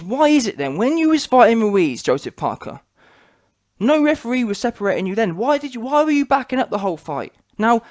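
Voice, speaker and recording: A man with a high voice rants emphatically about a fight, hammering his points with rhetorical questions and repetition. It is a one-man opinion piece from a channel host. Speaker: boxing commentator on his own channel. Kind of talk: opinionated reaction rant.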